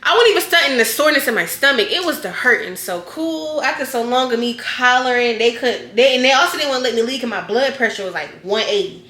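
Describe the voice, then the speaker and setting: A woman vlogger telling a storytime in a casual, slangy way, animated and acting out scenes. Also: a little high, quick pace, few pauses. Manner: animated, slangy, acts out scenes with loud yells. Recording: echoey room.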